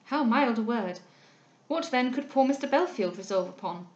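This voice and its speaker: A woman's voice: a little high, fairly quick, darkish tone, lo-fi sound, close to an everyday voice. A woman voicing a refined, earnest young lady from a period novel. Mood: anxious. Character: genteel anxious young lady heroine. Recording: roomy echo.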